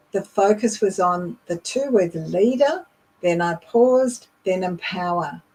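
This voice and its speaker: A middle-aged woman leadership coach teaching voice techniques in a deliberate, demonstrative way. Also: medium pitch, darkish tone, slightly rough, poor audio. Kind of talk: instructional talk.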